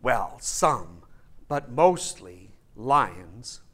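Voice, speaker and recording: A man voicing a timid male tin man who gives quiet, low warnings, in a sermon retelling of a storybook scene. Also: sing-song, drawn-out words, heavily acted. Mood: hushed.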